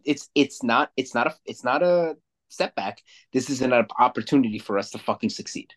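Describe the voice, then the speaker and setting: Male co-host, jujitsu coach, blunt, profane, animated casual chat. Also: mid-range voice, brisk. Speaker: podcast co-host; jujitsu kids' class coach.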